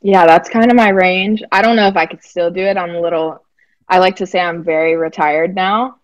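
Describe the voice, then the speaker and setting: An easygoing young woman from Alabama talks casually, with a faint Southern twang worn down by years away. Her voice sits a little low for a woman, and the recording is close and dry with almost no room sound. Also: fairly even intonation, brisk, no echo, lo-fi sound. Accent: faint Southern US, softened toward West Coast. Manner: easygoing, chatty, laughs lightly. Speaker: guest, basketball player development director. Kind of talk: casual interview chat.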